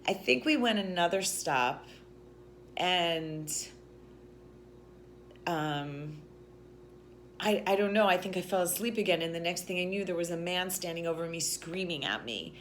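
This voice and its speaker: A woman vlogger tells a story in a casual, chatty, rambling way, with many restarts and "like"s. Her voice is fairly low and a little slow, she pauses often, and there's a little hiss or hum.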